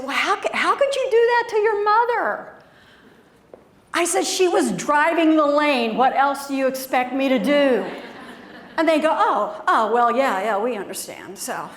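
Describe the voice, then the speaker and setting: A middle-aged woman speaking as a keynote presenter, her voice sitting a little high for a woman. She tells stories in an animated, conversational way and acts out the quotes. The sound carries the echo of a large room. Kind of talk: storytelling keynote speech. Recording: echoey room.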